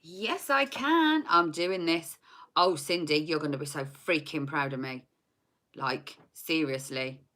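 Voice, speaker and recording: A woman in her forties gives a casual live tarot reading from her home desk, speaking into a laptop or phone mic. Her voice is low, a little slow and a bit bright. She is chatty and scattered, laughing and poking fun at herself.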